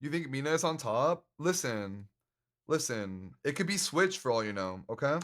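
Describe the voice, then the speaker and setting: A man's voice: on the high side, expressive, fast talker, fairly bright tone. Joking, swearing young-sounding man streamer. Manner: joking, laughs often, swears casually. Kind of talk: casual livestream chat. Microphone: handcam stream mic.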